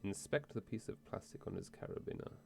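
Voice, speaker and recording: A man streaming a video game, excitable and jokey, reading the game text aloud and commenting. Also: fairly low pitch, fairly quick, creaky. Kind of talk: casual let's-play commentary.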